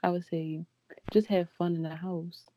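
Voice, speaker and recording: A woman from Baltimore with a Baltimore accent, a podcast guest giving slow, easygoing answers. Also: on the low side, level tone, dry recording, dull audio. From Baltimore, Maryland, United States. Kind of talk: casual chat.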